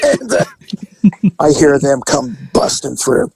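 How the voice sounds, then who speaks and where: A man casually telling a story, animated and laughing, swearing often and acting out other people's voices. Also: medium pitch, slow, vocal fry, husky, no echo, poor audio. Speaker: storyteller recounting undercover work.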